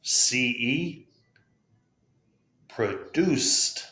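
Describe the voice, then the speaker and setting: A man's voice: mid-range voice, animated, extremely slow, bright, forceful tone. A man with an American accent teaching English pronunciation, spelling out letters and modeling each word with patient care. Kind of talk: pronunciation lesson. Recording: roomy echo.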